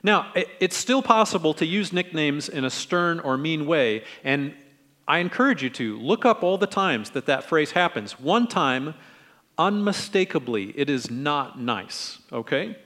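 A middle-aged man preaching a conversational sermon in a relaxed, friendly way, acting out quoted lines in different tones. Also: fairly high pitch, measured pace, in a large hall. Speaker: pastor.

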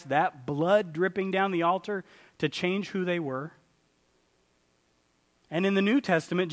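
A man preaching a sermon in a church, animated, swinging between loud exclamations and quiet asides. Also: a little high, in a large hall. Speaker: pastor.

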